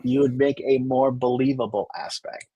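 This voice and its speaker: Husky-voiced man, chatty and explanatory. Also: mid-range voice, steady tone, moderate pace, mellow, dry recording. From Great Lakes region of the US. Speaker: Santa performer and podcast co-host. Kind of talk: casual conversational chat.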